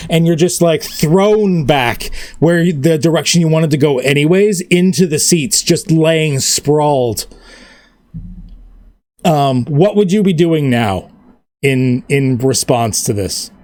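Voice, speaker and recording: A man's voice: a little high, no echo. Rambling man running a tabletop game. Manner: rambling, loose, full of fillers. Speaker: game master.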